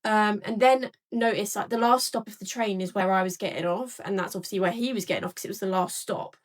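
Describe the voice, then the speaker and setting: A woman's voice: medium pitch, fast. A young woman casually recounting an experience, with lots of filler words. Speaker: storyteller in a clip. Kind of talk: casual storytelling.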